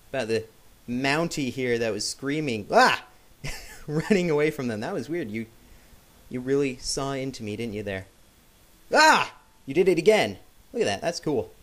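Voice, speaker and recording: A man casually commenting on his game as he plays, joking with viewers and yelping when startled. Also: mid-range voice. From Canada. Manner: excitable, jokey, yelps at sudden scares. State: sick. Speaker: gameplay commentator.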